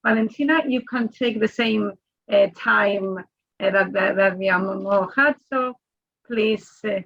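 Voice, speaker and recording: A woman moderates a webinar, polite and using fillers, with a raspy, gravelly voice. The video call audio is muffled. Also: mid-range voice, measured pace. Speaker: webinar host.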